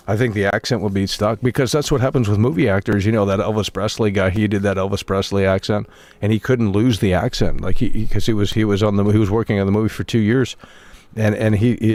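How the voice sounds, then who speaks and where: A young man with a fairly low, darkish voice rants at his live-stream chat on a dry recording. He swears often and repeats himself.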